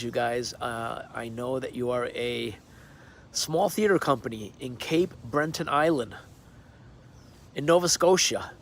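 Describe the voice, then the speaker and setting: A man's voice: mid-range voice, slight background noise. A man recording a casual video greeting outdoors on his backyard deck, friendly and hesitant, with many fillers. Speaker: celebrity well-wisher sending a video message.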